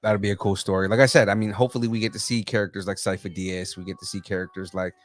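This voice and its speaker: A man's voice: fairly low pitch, little pitch movement, very fast. A man co-hosting a casual pop culture podcast, talking enthusiastically and rambling with lots of fillers. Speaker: podcast co-host.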